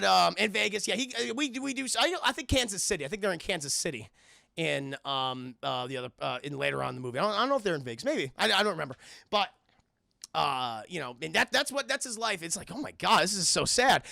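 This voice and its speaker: A young man reviewing a film with his live chat, casual and profane, acting out lines loudly. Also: sits high, vocal fry, no echo, studio quality. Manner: profane, animated, acts out quotes loudly.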